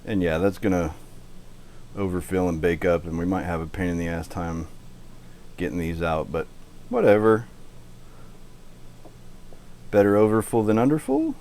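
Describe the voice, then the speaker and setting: A man cooks on a livestream and chats casually, his low-pitched, darkish voice very animated at a normal speed with frequent pauses. He thanks viewers by name, swears lightly, interrupts himself constantly, and maintains an unnamed affected accent throughout, with slight background noise.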